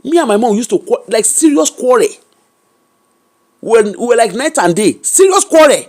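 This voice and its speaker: Woman, Nigerian accent, interview guest, candid storytelling, animated, emphatic, code-switching. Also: a little high, moderate pace. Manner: animated, emphatic, mixes Pidgin and Yoruba into English.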